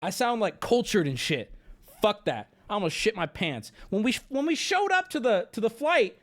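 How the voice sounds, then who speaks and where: Animated, profane young man streaming. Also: sits high, normal speed. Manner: rambling, profane, animated storytelling. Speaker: streamer host. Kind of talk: casual livestream chat.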